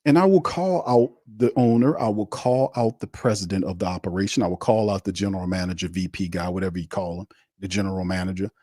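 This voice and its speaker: A man's voice: sits low, steady tone, fast talker, hardly any pauses, warm tone, no room sound, studio quality. A man hosting a sports show, delivering a heated, blunt rant on a live watch stream, repeating his points and mocking the other side. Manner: fiery, blunt and repetitive, with mocking asides.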